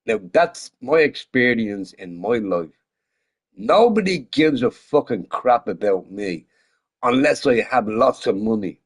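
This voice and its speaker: A man on a game stream, a little drunk and rambling loosely from one thing to the next. He swears freely and breaks into laughter often, in an easy, mid-pitched voice. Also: expressive, a little slow, husky. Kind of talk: casual live-stream chat.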